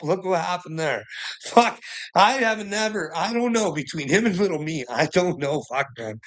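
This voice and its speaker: A man's voice: fairly high pitch, a bit bright. A man giving a rambling livestream monologue, swearing constantly, laughing often and speaking emphatically.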